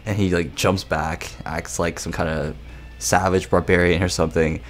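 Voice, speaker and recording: A man's voice: low-pitched, little pitch movement, moderate pace. A young man giving a casual anime episode review, rambling, laughing and swearing as he retells scenes.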